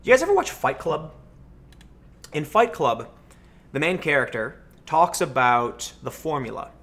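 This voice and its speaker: An American man hosting a livestream, answering chat questions and telling stories in a casual, animated way. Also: a little high, measured pace. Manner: animated storytelling, acts out voices in anecdotes. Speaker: livestream host.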